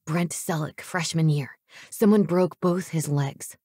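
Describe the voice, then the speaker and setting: A woman voicing an anxious, earnest young man who speaks in hushed, urgent tones, in a storybook reading. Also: deep voice, a little slow, husky, dry recording, studio quality. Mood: somber. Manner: hushed, urgent, fearful whispering.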